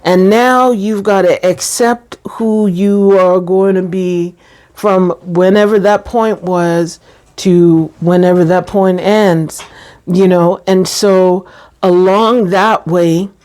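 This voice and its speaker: A woman talking about her own experience, chatty and quick to laugh, who acts out little quoted exchanges and at times grows teary. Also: on the low side, fairly even intonation, darkish tone. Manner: chatty, laughs often, drifts into quoted voices. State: getting teary. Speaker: channel host sharing her experience. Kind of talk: personal talk to camera.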